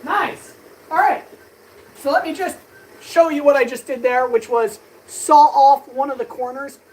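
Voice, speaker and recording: A woman blacksmith chatting fast and eagerly with her live-stream audience while she works in her workshop. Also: sits high, darkish tone, rough recording. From Canada. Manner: chatty, talks fast, answers chat eagerly. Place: workshop with power tools.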